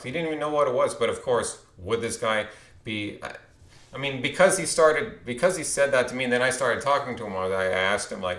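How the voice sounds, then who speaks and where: A man's voice: medium pitch, brisk, fairly bright tone, echoey room. A man hosting his own video, telling a story in a rambling way and then reading a text aloud. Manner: rambling, with restarts and sarcastic asides. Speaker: video host.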